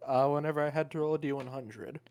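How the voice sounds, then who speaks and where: A man's voice: a little high, steady tone, fast talker, a little mellow. A man playing a tabletop game, chatting casually with the group. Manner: casual, swears offhand. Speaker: player.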